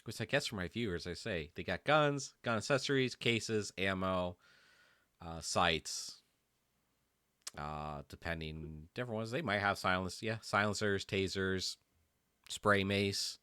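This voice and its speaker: Relaxed, bright-voiced male game master. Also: deep voice, a little slow, clean tone, dry recording, studio quality. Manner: easygoing, rambling, full of fillers. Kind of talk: casual narration of a tabletop game.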